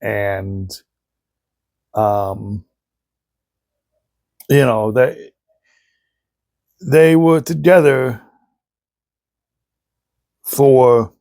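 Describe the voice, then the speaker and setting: A man's voice: mid-range voice, fairly even intonation, very slow, creaky, long pauses, a little mellow, no echo. A man hosting a casual show, telling funny family stories and laughing often as he talks. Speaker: podcast host. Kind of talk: casual storytelling.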